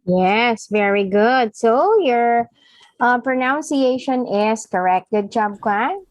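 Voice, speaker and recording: A woman's voice: on the high side, animated, takes it slowly, dry recording. A woman teaching an English lesson one-on-one, patiently coaxing her student and giving short praise. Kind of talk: online one-on-one language lesson.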